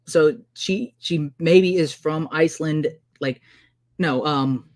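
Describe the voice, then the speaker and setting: A man arguing heatedly in a casual debate, excitable and exasperated, often talking over the other man. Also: a little high, takes it slowly.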